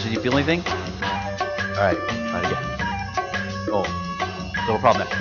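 A man's voice: medium pitch, expressive, brisk, pauses often, dull audio, over music. A man performing stage magic for a live audience, joking with volunteers and tying each trick to a gospel lesson. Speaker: gospel illusionist.

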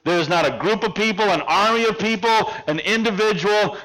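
High-voiced man preaching a story. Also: fairly quick, rough recording. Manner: animated storyteller, acting out dialogue, drops to hushed tones. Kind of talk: sermon with personal story.

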